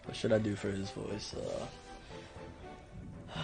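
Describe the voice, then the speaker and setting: A man's voice: lowish voice, flat delivery, slow pace, gravelly, pauses often, a little mellow, soft background music. A man hosting a let's play, making laid-back, joking asides as he plays. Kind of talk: casual gaming commentary.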